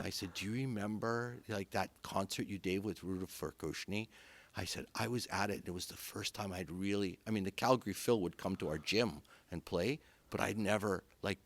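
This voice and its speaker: A middle-aged man from Canada spins anecdotes with a fairly low voice, acting out the people he quotes as he goes. The sound is dry and close, with little room around it. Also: gravelly, no room sound. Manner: animated, acts out quoted voices. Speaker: conductor, guest. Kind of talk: anecdotal storytelling. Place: podcast studio.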